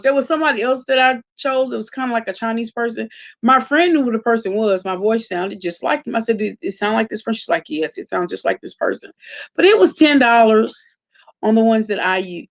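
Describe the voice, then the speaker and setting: Sassy woman talking to her live chat. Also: on the high side. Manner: sassy, blunt, talks straight to chat. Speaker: live-stream host. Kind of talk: casual live-stream commentary.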